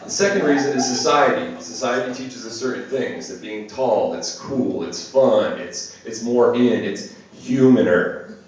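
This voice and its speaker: A young man delivers a deadpan stand-up set in a small venue. His voice sits in the middle range but is heard from far across the room. The phone recording is very echoey and picks up the audience's laughter. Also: mid-range voice, measured pace. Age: young adult. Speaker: stand-up comic. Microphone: phone camera across the room. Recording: distant echoey phone video of a club set.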